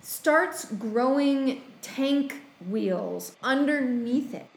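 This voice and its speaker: A woman's voice: high voice, animated, extremely slow, creaky, reverberant. A woman co-hosting a casual chat, recapping a film in a rambling way with many ums and quoted asides. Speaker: podcast co-host recapping a film.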